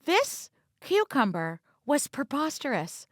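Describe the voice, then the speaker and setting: A woman's voice: high voice, wildly swooping pitch, slow pace, dry recording, clean studio sound. A woman co-hosting a podcast, retelling a crime show with playful sarcasm and silly voiced quotes. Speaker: podcast co-host. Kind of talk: casual true-crime recap chat.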